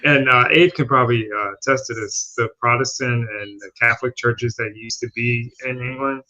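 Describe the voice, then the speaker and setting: A man hosting a casual podcast chat, excitable and quick to agree, going off on tangents. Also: mid-range voice. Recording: dull lo-fi stream audio.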